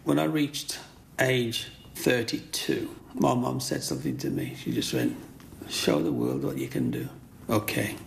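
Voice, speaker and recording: An older man, a guest in an interview, telling his life story with lively acted-out quotes. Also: mid-range voice, unhurried, gravelly, slight background noise. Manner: animated storyteller acting out quoted voices.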